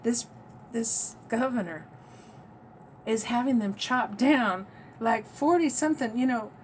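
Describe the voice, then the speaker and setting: Rambling woman vlogger, fairly high voice. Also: animated, a little slow, a little hiss or hum. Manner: rambling, emphatic, trails off and restarts. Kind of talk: rambling spiritual-political monologue.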